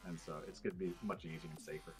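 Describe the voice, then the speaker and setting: A man's voice: low-pitched, fairly even intonation, fast, over music. A man in casual podcast chat, explaining things at length with many fillers and restarts. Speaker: podcast guest.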